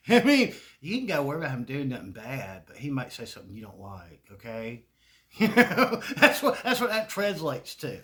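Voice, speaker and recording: A man's voice: mid-range voice, wildly swooping pitch, normal speed, sharp tone. A man with a Southern US accent, talking in a rambling, profane casual monologue and laughing often. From American South. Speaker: video creator.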